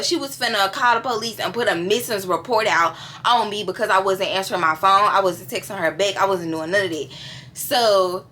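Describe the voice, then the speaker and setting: A woman in her early twenties telling a personal story to her viewers in a lively, chatty way, often speaking to them directly. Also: medium pitch, a little hiss or hum. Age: early 20s. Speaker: vlogger. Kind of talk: casual storytime.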